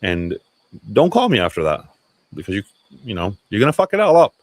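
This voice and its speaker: A man hosting a casual livestream chat has a lowish voice with wildly swooping pitch and a brisk pace, captured without room sound. He talks loosely, swears, and interrupts himself with restarts.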